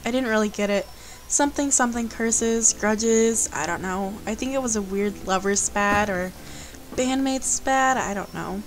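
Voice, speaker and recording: A woman's voice: mid-range voice, moderate pace, faint music behind, low-quality recording. A woman hosting a let's play, reading a visual novel aloud and breaking off for playful, chatty asides.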